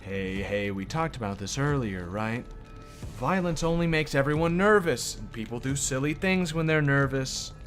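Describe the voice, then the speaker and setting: A man voicing a calm, reassuring male detective in a game, measured and low-key. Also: faint music behind, close to an everyday voice. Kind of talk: reading game dialogue aloud.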